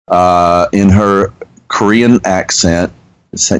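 Slow, deep-voiced man. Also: smooth, rough recording. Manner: earnest, halting with restarts. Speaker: radio show host. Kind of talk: conversational storytelling.

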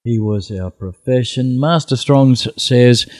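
A man's voice: medium pitch, slow pace, darkish tone, no room sound, clean studio sound. A man co-hosting a casual Bible study, trading playful, joking banter.

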